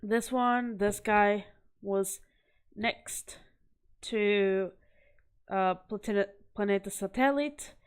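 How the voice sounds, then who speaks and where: A woman's voice: medium pitch, extremely slow, pauses often, smooth. A young woman chatting casually to camera as she shows off art she collected, rambling and poking fun at herself. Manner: rambling, self-deprecating, chatty. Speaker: vlogger showing art.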